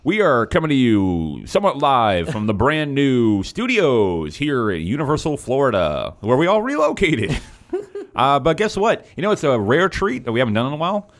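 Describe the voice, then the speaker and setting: A man's voice: mid-range voice, very animated, normal speed. A man hosting a podcast in a small studio, trading dry, teasing banter with his co-hosts and laughing often. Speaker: podcast host. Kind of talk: casual banter among co-hosts. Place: small home-built studio.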